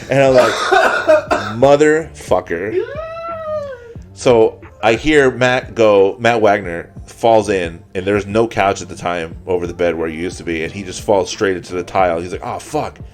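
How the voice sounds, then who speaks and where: A man's voice: sits low, fairly even intonation, normal speed, hardly any pauses. A man in a casual podcast chat, telling a long profane story, repeating his words as he goes. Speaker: podcast co-host.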